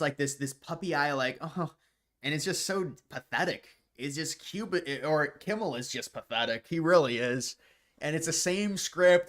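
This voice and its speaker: A man's voice: a little high, a bit bright. Rambling man reading chat questions. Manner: rambling, repeats words when starting sentences; scornful mocking asides. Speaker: livestream host reading viewer questions. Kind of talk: casual live chat.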